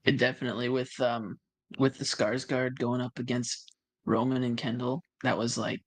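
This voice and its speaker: A young man co-hosting a casual podcast, making relaxed, brief remarks on a TV episode. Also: medium pitch, normal speed. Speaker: podcast co-host. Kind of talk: casual TV recap chat.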